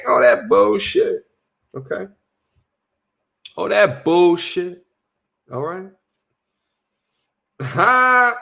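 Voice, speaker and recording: A young man hosting a casual livestream, reading viewer chat aloud with slangy shout-outs and repeating his points. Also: high-pitched, sing-song, very slow, vocal fry, long pauses. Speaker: livestream host.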